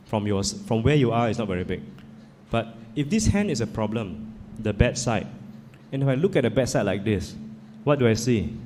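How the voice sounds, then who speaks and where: A man giving an animated, conversational talk as a psychologist speaker, putting questions to his audience. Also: medium pitch. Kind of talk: storytelling talk. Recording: reverberant hall, faint noise.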